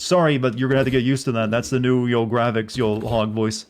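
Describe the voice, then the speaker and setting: A man's voice: mid-range voice, steady tone, brisk, few pauses, a little hiss or hum. Joking young man streaming a game. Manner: joking, rambling chat to viewers. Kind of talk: casual game-stream commentary.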